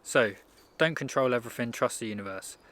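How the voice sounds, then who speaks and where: A man's voice: mid-range voice, brisk, fairly bright tone. Man giving a rambling motivational talk. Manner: rambling, conversational, frequent restarts. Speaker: self-improvement speaker.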